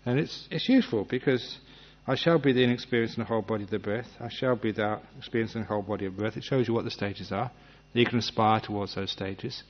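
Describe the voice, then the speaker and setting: A man giving a gentle, humorous meditation talk, acting out little scenes as he teaches. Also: on the low side, quick pace, few pauses, a little hiss or hum. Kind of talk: dharma talk. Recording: dull lo-fi recording.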